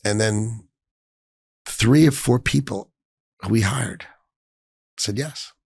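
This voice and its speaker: A middle-aged man telling an emotional story in an interview, speaking emphatically and swinging between hushed and raised tones. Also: fairly low pitch, takes it slowly, vocal fry, slightly rough, dry recording, clean studio sound. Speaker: finance executive, interview guest.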